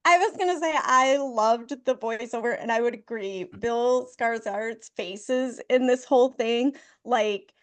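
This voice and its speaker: Middle-aged woman, bubbly, gushing, slightly high voice, casual podcast co-host. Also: measured pace, few pauses. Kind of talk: casual movie review chat.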